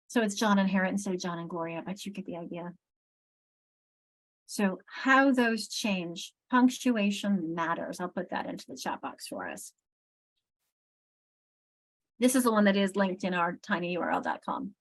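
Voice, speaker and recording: A woman's voice: on the low side, moderate pace, long pauses. A woman leading a literacy training session over a video call, thinking aloud and restarting sentences as she explains and searches for material.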